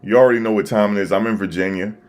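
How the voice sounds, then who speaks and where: A man hosting a live stream, talking casually and excitedly to his viewers, repeating himself as he reacts. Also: fairly low pitch, very fast. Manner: animated, repetitive, talking to chat viewers. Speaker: livestream host. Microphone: desktop USB microphone.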